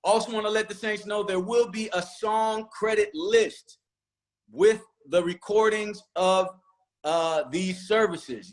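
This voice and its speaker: A high-pitched man speaks as a church choir director. He runs through a long list of thanks, moved and a little rambling, and keeps circling back to names. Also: a bit bright. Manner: emotional, rambling acknowledgements. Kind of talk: virtual panel thanks.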